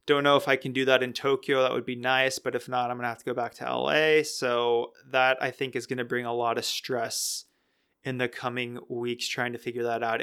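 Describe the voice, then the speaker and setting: Young male podcast host, bright and crisp, loose rambling delivery. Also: medium pitch. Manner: relaxed, rambling, self-correcting. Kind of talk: casual solo podcast talk.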